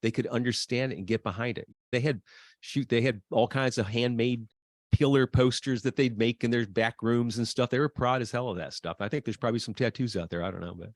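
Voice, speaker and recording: A man appearing as a guest on a business podcast, telling stories with pride and enthusiasm and quick bursts of speech. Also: medium pitch, dry recording, studio quality.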